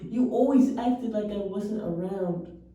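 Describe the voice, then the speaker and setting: A woman's voice: medium pitch, takes it slowly, dark tone, lo-fi sound. Woman reading poems in an echoey room. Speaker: poetry reader. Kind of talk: poetry recitation. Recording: echoey room, voice far from mic.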